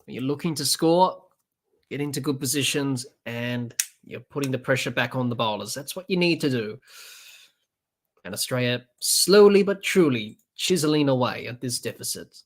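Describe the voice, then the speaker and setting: Man calling cricket, casual and halting. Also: mid-range voice, animated. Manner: unscripted, halting with fillers and restarts. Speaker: podcast host doing live match commentary. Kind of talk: casual play-by-play cricket commentary.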